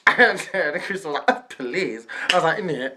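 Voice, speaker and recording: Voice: medium pitch, animated, brisk, noisy background. A young adult telling a storytime vlog, acting out every quoted person. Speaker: vlogger.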